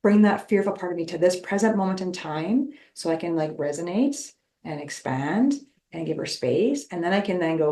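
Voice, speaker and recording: A woman's voice: fairly low pitch, normal speed, roomy sound. A woman guest on a podcast, talking casually and acting out her own inner voice. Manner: animated, acts out her inner voice. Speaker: relationship expert guest.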